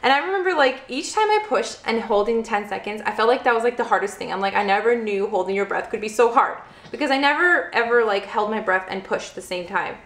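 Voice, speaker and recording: A young woman vlogger chats through a personal story, dropping "like" into nearly every sentence. Her voice sits a bit high, and the recording carries a roomy echo. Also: animated, quick pace, few pauses, fairly bright tone, slight background noise. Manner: chatty, heavy use of "like" fillers. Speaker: vlogger, first-time mother. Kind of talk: casual storytelling to camera.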